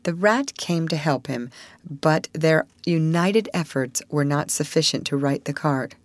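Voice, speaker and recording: A woman narrating a classic storybook aloud in an expressive, measured way. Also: low-pitched, no echo.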